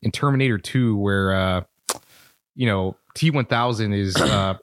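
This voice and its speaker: A man's voice: on the low side, measured pace, slight background noise. A man co-hosting a casual film review podcast, speaking in a laid-back, profane way with frequent hesitations and laughs. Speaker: podcast co-host.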